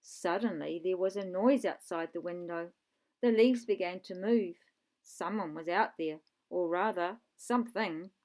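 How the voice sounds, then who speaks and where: A woman's voice: on the low side, a little slow, darkish tone. Woman reading a children's storybook. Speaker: narrator.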